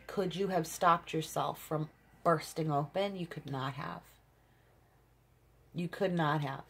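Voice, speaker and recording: A woman's voice: sits low, breathy edge. A woman giving an intuitive tarot reading to her viewers, earnest and emphatic, often stopping to search for words. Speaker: tarot reader.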